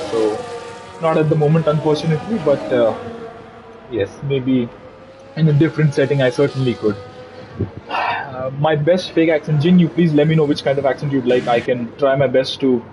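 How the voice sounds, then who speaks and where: Chatty male sim racing commentator. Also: on the high side. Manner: chatty, playful asides to viewers' comments. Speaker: race commentator. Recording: race car engine noise behind.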